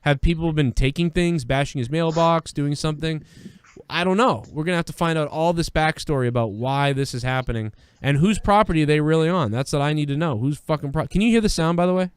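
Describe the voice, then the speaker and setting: A man's voice: a little high, fast talker, clean tone, no echo. A man hosting a live news-reaction stream, talking in a rambling, profane, conversational way. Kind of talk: casual live-stream commentary.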